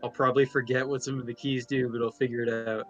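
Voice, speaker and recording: A man's voice: medium pitch, little pitch movement, fast talker, a bit bright, highs cut off, faint music behind. A man joining a casual gaming stream as a co-player, with dry, joking complaints. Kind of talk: casual gaming chat with friends.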